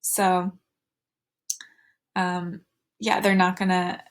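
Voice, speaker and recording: A woman's voice: lowish voice, flat delivery, very slow. A woman teaching a recorded slide lecture, with fillers and restarts, going sing-song when she models talk to children.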